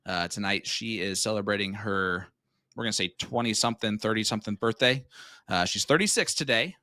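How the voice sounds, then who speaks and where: A man's voice: lowish voice, fairly quick, pushed and bright, no room sound, studio quality. A man in his thirties doing casual live commentary on a darts match, joking and teasing his co-host. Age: 30s.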